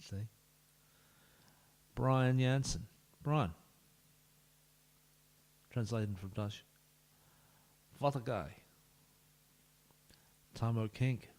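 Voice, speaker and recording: A man's voice: medium pitch, very slow, long pauses, a little mellow. A man, streaming a football management game and talking playfully to each player, often dropping to a whisper. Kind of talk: live-streamed game commentary.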